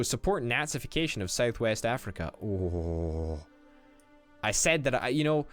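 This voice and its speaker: A young man casually commenting on a strategy game as he plays, excitable, swearing and thinking out loud. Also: mid-range voice, a little slow, soft background music. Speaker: gaming YouTuber.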